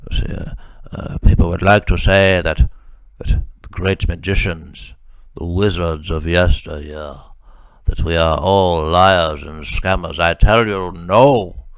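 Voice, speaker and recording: A man's voice: deep voice, steady tone, slow, clear, resonant tone, no echo, pitched below the performer's own voice. A man putting on the voice of a pompous male ritual magician, speaking in a mock-solemn, stammering way.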